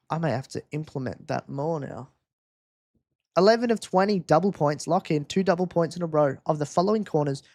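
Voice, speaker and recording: A man's voice: fairly high pitch, a little mellow, no room sound, studio quality. A man hosting a live race-watch quiz stream, teasing viewers in casual chat.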